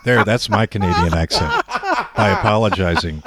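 A man co-hosting a podcast in casual chat, deadpan with quick interjections. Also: sits low, dry recording, clean studio sound. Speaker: podcast co-host.

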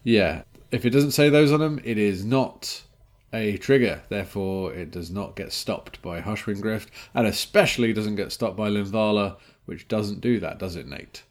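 A man, co-hosting a podcast in casual chat, talking quickly and laughing often. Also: on the low side. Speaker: podcast co-host.

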